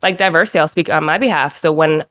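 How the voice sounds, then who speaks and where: A young woman from Rhode Island with a New England accent, co-hosting a casual chat and telling stories with animated put-on voices. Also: low-pitched, fast talker, dry recording. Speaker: co-host.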